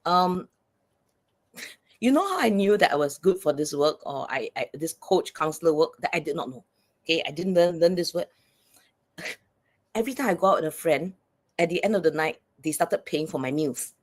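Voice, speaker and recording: A woman's voice: low voice, expressive, moderate pace, long pauses. A woman speaking as a psychologist and coach guest in an interview, earnest and explanatory, often checking in with "right?".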